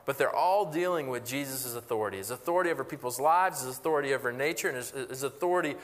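A man's voice: mid-range voice, quick pace, in a large hall. A pastor preaching a conversational sermon, asking rhetorical questions and often restarting his phrases.

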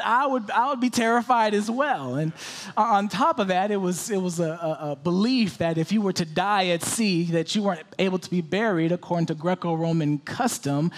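High-voiced male preacher, dramatic swings. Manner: dramatic, swings from loud pleading questions to hushed whispers. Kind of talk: sermon.

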